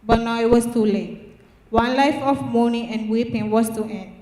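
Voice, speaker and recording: A teenage girl reads her own poem in an earnest, slightly halting way, her voice pitched a little high. She is heard from well back in a reverberant church hall with a long, echoing tail. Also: fairly even intonation, a little mellow. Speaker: student writer. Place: church hall at a public reading. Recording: echoey church hall from far off.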